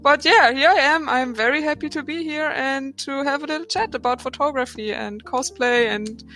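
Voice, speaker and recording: Bright-voiced young German woman. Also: sits high, moderate pace, faint music behind. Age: 20s. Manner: laughs often, many fillers and restarts. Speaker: podcast guest. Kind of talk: casual chat.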